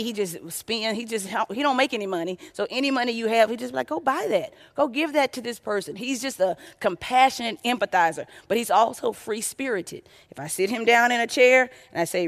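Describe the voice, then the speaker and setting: Woman, sermon, conversational, talks to the crowd directly. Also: mid-range voice. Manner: warm conversational preaching, addresses audience as y'all. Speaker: preacher.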